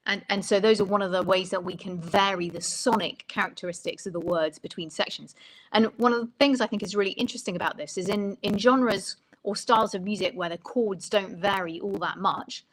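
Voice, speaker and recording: A woman's voice: medium pitch, brisk, poor audio. A woman songwriting coach explaining melody and lyric writing in an interview, thoughtful and stopping often to rephrase.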